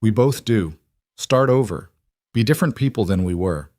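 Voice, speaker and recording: A man's voice: fairly low pitch, lively intonation, moderate pace, darkish tone, dry recording, clean studio sound, lightly acted. A man voicing a weary, self-mocking war veteran living alone as a mountain cowboy. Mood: rueful.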